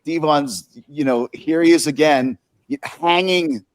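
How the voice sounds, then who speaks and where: A man's voice: on the high side, unhurried, no echo. A man hosting a podcast interview, asking loose, rambling questions. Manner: casual, rambling questions with restarts. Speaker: podcast host.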